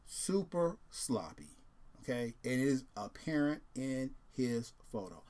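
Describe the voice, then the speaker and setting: Laid-back rambling man, mid-pitched. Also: moderate pace, a little mellow. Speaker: host. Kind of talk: casual video chat.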